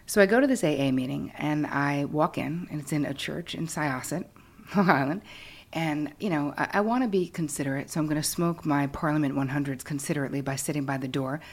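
Low husky middle-aged woman storyteller. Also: a little fast. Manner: frank, self-deprecating, animated retelling. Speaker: guest. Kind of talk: candid storytelling.

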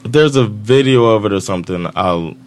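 A man from Miami hosting a casual podcast, telling animated, teasing stories with plenty of laughter. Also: fairly low pitch, brisk, faint music behind. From Miami, Florida. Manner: animated, laughing storyteller who teases. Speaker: podcast host.

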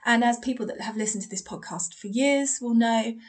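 A woman's voice: a little high, fairly quick. Chatty woman, spiritual podcast host. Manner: chatty and encouraging, acts out quoted dialogue. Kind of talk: spiritual advice podcast monologue.

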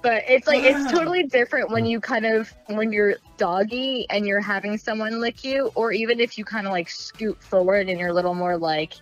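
A woman's voice: fairly high pitch, a little fast, few pauses, rough recording. Woman, candid and laughing, loose filler-heavy chat over a faint music bed. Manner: frank, giggly, lots of fillers and acted asides.

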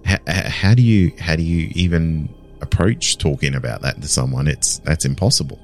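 Very deep-voiced male host. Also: normal speed, faint music behind. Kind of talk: interview.

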